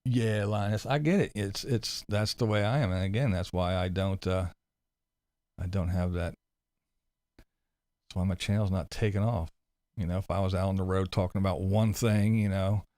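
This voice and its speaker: A man's voice: on the low side, fairly even intonation, moderate pace, gravelly, mellow, dry recording. A man hosting a casual livestream, reading comments and answering with rambling, sarcastic asides, speaking close into a desk mic. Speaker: livestream host. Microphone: close desk mic with headphones.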